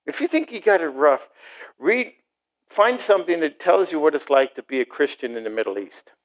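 Animated preacher man, lively pitch. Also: moderate pace, low-quality recording. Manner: animated, acts out mocking voices and asides to the congregation. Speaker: pastor. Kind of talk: sermon.

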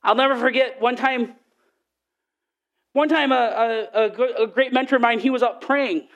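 A man preaching a sermon, telling Bible stories in an animated way and acting out the voices in the quotes. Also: extremely high pitch, normal speed.

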